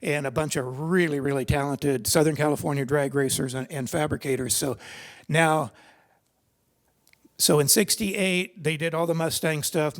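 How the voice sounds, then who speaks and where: An older man speaking at a seminar, telling personal racing stories in a rambling, conversational way with many restarts. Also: a little high. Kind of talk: personal storytelling talk. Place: seminar hall.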